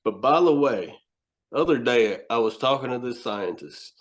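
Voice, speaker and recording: Horror host, loud and rambling, curses constantly, laughs through his stories. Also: mid-range voice, normal speed. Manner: excitable, profane storyteller, laughs often. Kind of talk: casual podcast chat.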